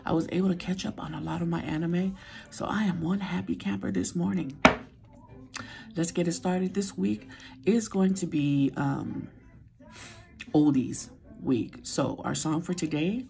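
A woman's voice: on the low side, creaky, mellow. A middle-aged woman chatting casually to her viewers, playful and talkative, sometimes dropping to a whisper. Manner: chatty, playful, sings along, drops to a whisper now and then. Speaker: vlogger. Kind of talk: casual weekly chat to viewers.

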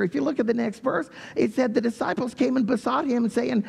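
A man preaches in a church, his voice high and husky with a gravelly edge. He swings through a wide, lively pitch range as he reads scripture and acts out the story. A long reverb trails his words around the sanctuary. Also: a little fast, few pauses. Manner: reads scripture, then animated retelling with raised voice for quotes. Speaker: pastor. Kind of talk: sermon.

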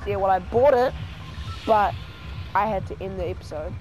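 A gaming channel host giving live gameplay commentary, excitable, who yelps and pleads whenever danger comes close. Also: medium pitch, moderate pace, music in the background.

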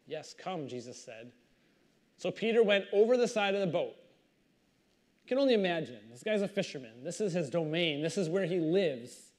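Man, pastor, sermon, fairly high voice, animated storyteller. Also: moderate pace. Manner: animated storytelling, reads scripture then comments conversationally. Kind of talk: sermon with scripture reading.

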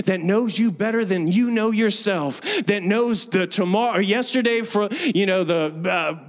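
A pastor preaching in a large church, leading the congregation in call-and-response declarations. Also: male voice, a little high, long reverb tail. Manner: builds to fervent repeated declarations. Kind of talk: sermon.

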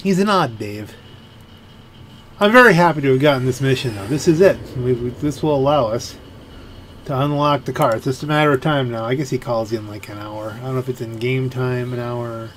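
A man talks through his gameplay in an easy, wandering way, stopping often to think out loud. His pitch sits at an ordinary middle level, with a faint hiss of noise under the voice. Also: fairly quick. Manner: rambling and musing, full of fillers. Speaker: gameplay commentator. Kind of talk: let's play commentary.

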